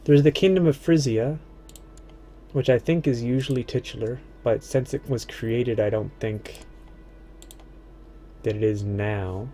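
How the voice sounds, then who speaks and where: A man streaming a strategy game, casually thinking aloud and muttering to himself, his words often trailing off low. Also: measured pace, pauses often, warm tone, slight background noise.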